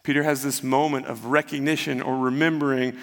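A man's voice: mid-range voice, flat delivery, brisk, fairly bright tone. A man preaching a sermon, retelling the story in a conversational way and acting out the quotes. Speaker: pastor. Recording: long hall reverb.

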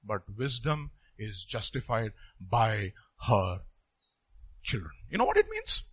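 A pastor preaching a sermon emphatically, his voice swinging from loud outbursts to hushed asides. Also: fairly low pitch, huge pitch swings, takes it slowly, slightly rough.

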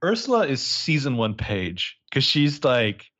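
A man's voice: medium pitch, unhurried, highs cut off. A man in his thirties co-hosting a podcast, joking and swearing as he recaps a book. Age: 30s. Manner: animated, jokey, swears freely. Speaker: podcast co-host. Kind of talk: casual chat recapping a book.

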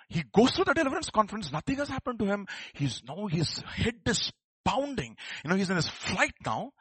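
A man's voice: high-pitched, fairly quick, few pauses, slightly rough, no echo. Fiery male preacher. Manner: animated, rising to fervent shouts. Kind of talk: sermon.

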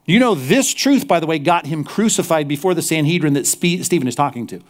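A male pastor preaching a sermon, animated, slipping into mocking apologetic asides. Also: on the high side, brisk.

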